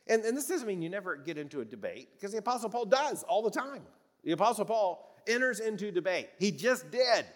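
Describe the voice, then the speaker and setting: An older man in his sixties, from the American South, delivers a sermon in an easygoing, chatty manner, breaking off to chuckle and restart his sentences. His voice sits a little high for a man. A long reverb trails behind him, as if he were preaching in a large hall. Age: 60s. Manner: conversational, folksy, with restarts and chuckles. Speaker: pastor.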